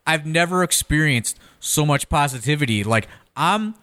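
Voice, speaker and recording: Promoter guy on a podcast, swears constantly, bright punchy voice, tells stories all worked up. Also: on the high side, normal speed. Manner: profane, animated storyteller. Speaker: wrestling promoter and co-owner. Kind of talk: casual podcast chat.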